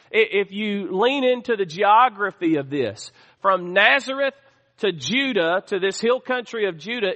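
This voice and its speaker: A man's voice: high voice, fairly bright tone. A man preaching a sermon as pastor, calling out to the congregation for responses as he teaches. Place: church sanctuary. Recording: long hall reverb.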